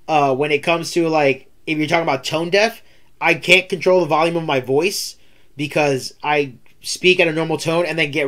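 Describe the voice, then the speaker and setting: A man hosting a casual livestream interview, talkative and rambling, repeating himself often. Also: fairly high pitch. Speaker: streamer host.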